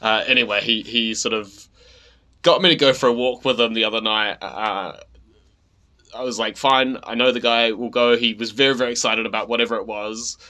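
Brief: man, podcast co-host, bright tone, halting and rambling. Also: medium pitch, steady tone. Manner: halting, rambling storytelling with many restarts. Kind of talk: casual chat.

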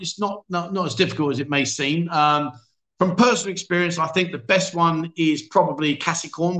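Male livestream host, slightly high voice, casual and matey, echoey room. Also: fairly bright tone. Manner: chatty, self-deprecating, frequent restarts and "mate". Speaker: livestream chat show host. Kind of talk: casual livestream chat reading viewer comments.

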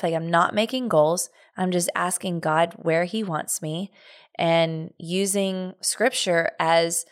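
A woman's voice: fairly low pitch, creaky. A woman co-hosting a podcast, talking in an earnest, reflective way in casual chat. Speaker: podcast co-host.

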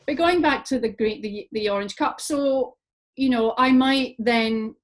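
A woman's voice: fairly high pitch, unhurried. Interview guest: woman poet from Scotland, reflective, rambling storyteller. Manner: reflective, animated storytelling with frequent fillers. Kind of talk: interview conversation.

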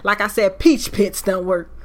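A woman's voice: mid-range voice, fairly even intonation, a little slow. A woman hosting a solo podcast, speaking, ranting fiercely and preaching with rising anger. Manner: fiery, preachy, loud at times. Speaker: podcast host. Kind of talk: impassioned solo podcast rant.

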